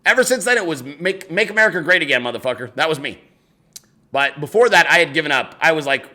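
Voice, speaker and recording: Male chat-show host, lively and swooping, bright edge, loose and foul-mouthed while reading fan mail. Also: fairly high pitch, quick pace. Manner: loose, profane, laughing, animated storytelling. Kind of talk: casual political chat show.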